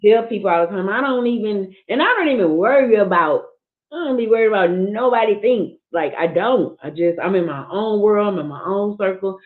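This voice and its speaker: A woman's voice: medium pitch, expressive, fairly quick. A woman speaking earnestly and frankly in candid casual talk, often restarting her sentences. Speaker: livestream guest sharing her grief. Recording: tinny phone-like line.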